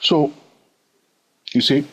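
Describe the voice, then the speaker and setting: A man teaching trading in an animated way. He often fills pauses with "okay" and "all right" and repeats phrases as he thinks aloud. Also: poor audio. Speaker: trading educator. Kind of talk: instructional talk to camera.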